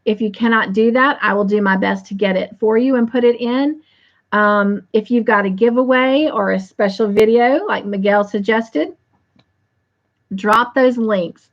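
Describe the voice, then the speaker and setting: A woman's voice: a little high, a little slow, highs cut off. A woman hosting a casual livestream, reading viewer comments aloud in an affectionate way. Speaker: livestream host.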